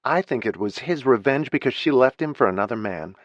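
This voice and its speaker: A man's voice: medium pitch, expressive, brisk, dry recording, highs cut off, pitched above the performer's own voice, lightly acted. A male narrator voicing an outspoken grown daughter who speaks bitterly and bluntly. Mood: indignant.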